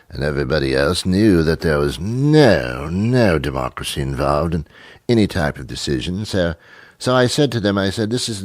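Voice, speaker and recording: A man putting on a pompous upper-class British gentleman in a mocking way. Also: a bass voice, dry recording, studio quality, full character voice.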